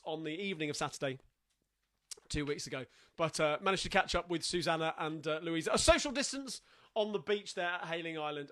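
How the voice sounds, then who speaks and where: A man with a Cockney accent hosting a live-streamed sing-along, chatting cheerily and reading out song requests. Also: high voice. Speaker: sing-along host and singer. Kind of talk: live-streamed chat between songs. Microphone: home live-stream mic. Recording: loud guitar playing along.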